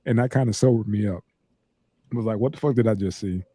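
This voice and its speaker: A man's voice: lowish voice, quick pace, mellow, slightly rough, no room sound. A man on a podcast chatting casually, blunt and heavy on swearing, laughing as he talks. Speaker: podcast co-host. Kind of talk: casual chat. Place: podcast studio.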